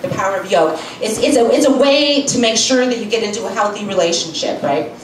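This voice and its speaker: A woman's voice: a little high, expressive, brisk, a little hiss or hum. A woman doing a stand-up comedy set, chatty and rambling with plenty of fillers. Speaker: stand-up comic. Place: cafe stage, live comedy set. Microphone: far camera. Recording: echoey room from far off.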